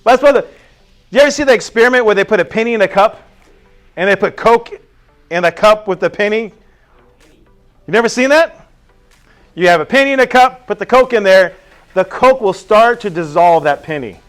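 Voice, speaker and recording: A man's voice: high voice, faint music behind. A man teaching a class, telling stories and firing questions at his students. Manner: animated, storytelling with quick questions to students. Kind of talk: classroom lecture.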